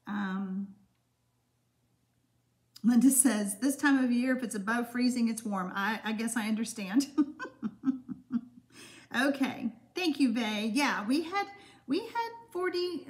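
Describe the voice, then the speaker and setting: A woman in her sixties hosting a live-stream craft demonstration, chatty and friendly, with lots of "um" fillers. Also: on the high side. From Texas, USA. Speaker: card-making host.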